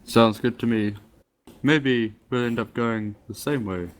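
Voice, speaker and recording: A man's voice: mid-range voice, steady tone, measured pace. A man playing a tabletop fantasy game who makes short, wry remarks. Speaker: player. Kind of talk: casual game chat.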